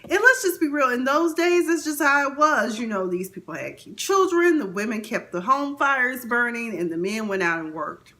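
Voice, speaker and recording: A woman's voice: fairly high pitch, lively intonation, normal speed, hardly any pauses, sharp tone. A woman hosting a casual TV recap, chatting and acting out the characters' lines with big swings in her voice. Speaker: TV recap host.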